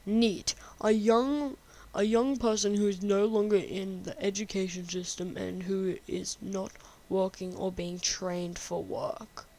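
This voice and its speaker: A woman's voice: medium pitch, fairly even intonation, measured pace, dark tone. A woman giving casual, sarcastic gameplay commentary and reading game text aloud, swearing freely. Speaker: game streamer.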